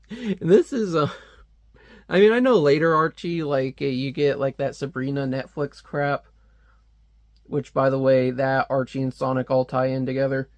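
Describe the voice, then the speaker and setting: A man's voice: mid-range voice, steady tone, unhurried, long pauses, no room sound. A man chatting casually as a comic reviewer, rambling with lots of fillers and frequent laughs. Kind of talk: casual commentary.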